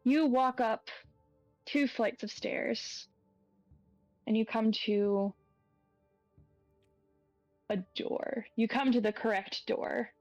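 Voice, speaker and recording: Slow, deliberate woman game master. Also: a little high, darkish tone, dry recording, muffled recording, soft background music. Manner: unhurried, describing scenes with pauses and fillers. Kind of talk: narrating a tabletop horror game.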